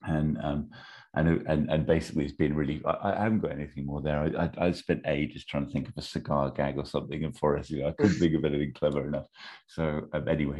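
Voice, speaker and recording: This man's voice is extremely low-pitched and dark. Chatting casually, he pitches an invented film plot as a storyteller would, wandering along with plenty of ums and asides that amuse him.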